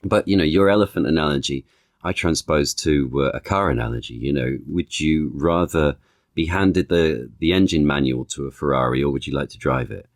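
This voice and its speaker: A man, an actor and author, talking as a podcast guest in a thoughtful, halting way, piling up analogies with many restarts. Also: a bass voice, dry recording, clean studio sound. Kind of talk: conversational podcast interview.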